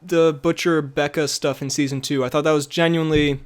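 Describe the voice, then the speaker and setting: Rambling young man, slightly high voice. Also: little pitch movement, clear, resonant tone. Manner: rambling, filler-heavy, quick to laugh. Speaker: podcast co-host. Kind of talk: casual chat.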